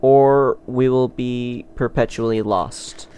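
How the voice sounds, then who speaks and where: A man hosting a gaming channel who rambles through a let's play with excitable, self-deprecating commentary. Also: medium pitch, slow pace, slight background noise.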